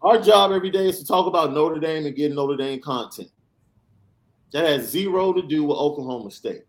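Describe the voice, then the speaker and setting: A man's voice: on the high side, brisk. A man hosting a sports podcast, ranting with emphatic, sarcastic repetition. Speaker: podcast host. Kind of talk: animated sports podcast rant.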